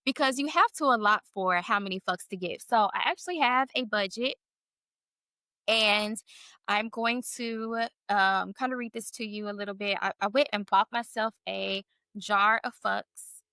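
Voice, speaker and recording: Bright-voiced candid woman podcast host. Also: medium pitch, moderate pace, clean tone, no echo. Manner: candid, laughs often, swears freely. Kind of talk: casual chat.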